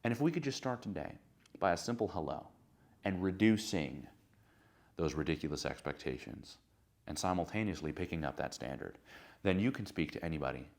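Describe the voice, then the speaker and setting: Deep-voiced man giving an emphatic motivational talk. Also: lively intonation, moderate pace, gravelly. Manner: emphatic, builds to loud crescendos on lists. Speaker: dating and confidence coach.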